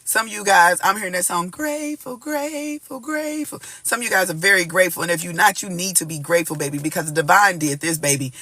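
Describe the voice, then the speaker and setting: A man gives a casual tarot reading in a high, bright voice. He is animated and emphatic, peppers every line with "y'all" and bursts into snatches of gospel song. The sound is dry and close, with no room echo. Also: racing, few pauses. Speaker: tarot reader.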